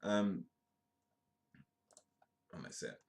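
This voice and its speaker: A man from the UK hosting a casual live comedy news stream, his voice hoarse, rambling with ums and restarts between jokey asides. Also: drawn-out words. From United Kingdom. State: hoarse, voice sounds bad.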